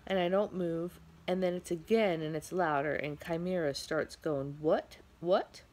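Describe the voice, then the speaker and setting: A woman's voice: on the low side, steady tone, moderate pace, darkish tone. A tired middle-aged woman vlogging from home, telling a rambling story with lots of fillers. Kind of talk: casual storytelling vlog.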